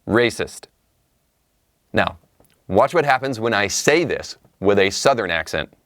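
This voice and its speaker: Man, lowish voice, dry close sound, emphatic, sarcastic, opinion monologue. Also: animated, unhurried, a bit bright, no echo. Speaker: show host.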